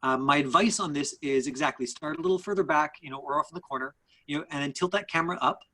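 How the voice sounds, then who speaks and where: A man with a fairly high, sharp voice coaches actors live in an online class held over video call. He keeps stumbling, restarting and filling gaps, all through poor audio.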